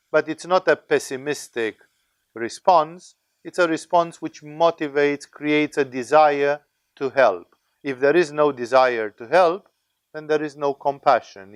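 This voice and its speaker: Clear-voiced man giving a spiritual talk. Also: medium pitch, no echo. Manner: discursive, conversational, with tag questions. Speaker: spiritual teacher. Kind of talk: spiritual lecture.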